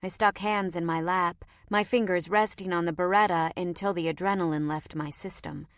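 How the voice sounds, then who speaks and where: A woman's voice: on the low side, steady tone, moderate pace, no echo, studio quality. A woman reading a first-person audiobook with tense, dramatic storytelling. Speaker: audiobook narrator.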